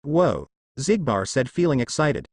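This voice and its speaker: A man reading fan fiction aloud as narrator in a steady storytelling way. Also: mid-range voice, fairly quick.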